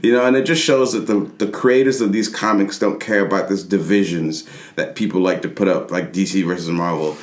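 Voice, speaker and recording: Give me a man with a lowish voice chatting enthusiastically on a podcast. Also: fairly even intonation, a little fast, echoey room. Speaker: podcast co-host. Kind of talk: casual chat about comics.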